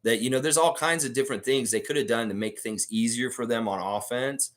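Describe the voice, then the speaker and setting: A man's voice: medium pitch, fairly quick. A man hosting a live fan stream, reading viewer comments aloud and reacting to them in casual commentary. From Canada.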